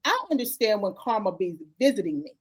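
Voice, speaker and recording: A woman's voice: medium pitch, lively intonation, fast talker, breathy edge. A middle-aged woman, a life coach and author, talking as an interview guest in a folksy, heartfelt way that turns to religious testimony. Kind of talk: emotional conversational interview.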